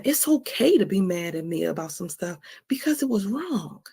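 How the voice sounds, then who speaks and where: A woman hosting her own stream talks candidly and emotionally about forgiveness in a medium-pitched, husky, slightly mellow voice that's very animated, at moderate pace with few pauses. She's frank and confessional, repeats phrases, often asks "right?", and swears now and then.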